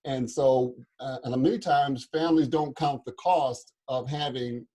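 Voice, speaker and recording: Male co-host, husky raspy voice, reflective, repeats phrases for weight. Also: mid-range voice, a little slow, warm tone. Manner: reflective, repeats key points. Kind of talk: interview hosting.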